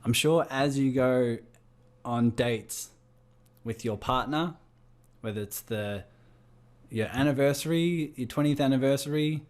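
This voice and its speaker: Australian man coaching a group. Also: mid-range voice. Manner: fires rhetorical questions at the group. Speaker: business coach.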